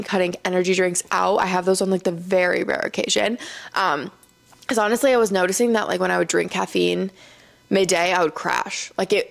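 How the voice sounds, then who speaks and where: A woman's voice: on the low side, creaky. A young woman hosting a casual solo podcast, chatty and tired, with lots of fillers and laughs. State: tired, yawning. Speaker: podcast host. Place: seated indoors.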